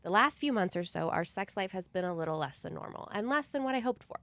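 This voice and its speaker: A woman's voice: mid-range voice, lively intonation, quick pace, fairly bright tone, no echo. Playful blunt young woman podcaster. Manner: laughs often, blunt and playful. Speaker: podcast co-host. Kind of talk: casual podcast chat.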